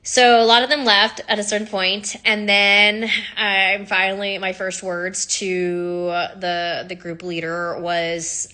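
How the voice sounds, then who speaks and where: A woman's voice: mid-range voice, fairly even intonation, takes it slowly, few pauses, sharp tone. A woman who teaches sound healing, talking candidly and with feeling, with frequent laughs and the odd swear word. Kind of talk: casual storytelling monologue.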